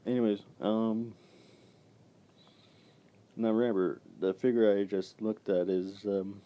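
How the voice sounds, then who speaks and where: A young man telling a rambling story about his old job, halting and swearing when worked up. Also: lowish voice, steady tone, muffled recording. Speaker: vlogger. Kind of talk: casual storytelling rant.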